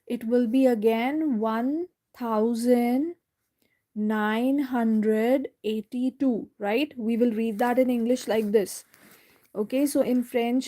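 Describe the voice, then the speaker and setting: Slow, patient woman teaching French. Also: fairly high pitch, mellow. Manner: slow, explains step by step, repeats words; checks in with "right?" often. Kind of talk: live online language lesson.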